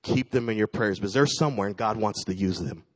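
A man's voice: lowish voice, fast talker, background noise. A man who directs a church ministry team tells a personal testimony to the congregation, speaking earnestly and acting out the people in his story. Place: church sanctuary.

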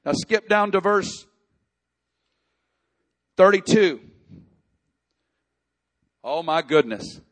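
Male pastor, high-pitched voice, impassioned sermon delivery that swells into shouts. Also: animated, very slow, pauses often. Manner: impassioned preaching, rising to shouts in emotional passages.

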